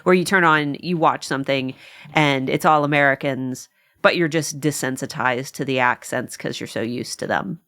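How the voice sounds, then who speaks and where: A woman hosting a podcast, talking casually in an animated, rambling way with frequent laughs. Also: very deep voice, normal speed. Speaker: podcast host. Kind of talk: casual chat.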